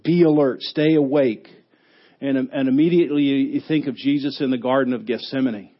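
A man preaching a sermon as pastor, who rises to a shout when he acts out a yelling coach. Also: mid-range voice, steady tone, a little fast, muffled recording.

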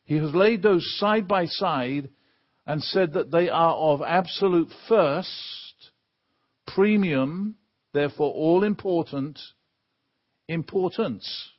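An Englishman preaching a sermon from the pulpit as a guest speaker, leaning hard and slowly on the key words. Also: fairly high pitch, lo-fi sound. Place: church pulpit.

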